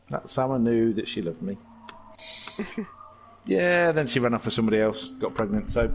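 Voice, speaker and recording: A man's voice: medium pitch, unhurried, long pauses, a little hiss or hum. A man giving jokey, rambling live commentary on a sim race. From England. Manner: excitable, jokey, tangent-prone.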